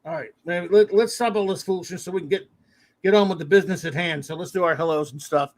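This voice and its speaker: A man with a notably high voice runs a relaxed livestream. He cracks jokes at his own expense and rambles through greetings with plenty of fillers and false starts. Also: fast talker. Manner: jokey, self-deprecating, rambling with fillers. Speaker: livestream host. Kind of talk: casual livestream chat.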